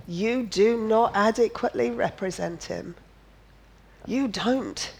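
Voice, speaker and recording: A woman's voice: on the high side, slow pace, creaky, a little mellow, slightly rough, rough recording. A woman preaching a sermon, emphatic and repetitive, firing off rhetorical questions and slipping in playful jokes. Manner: drops in playful asides and jokes.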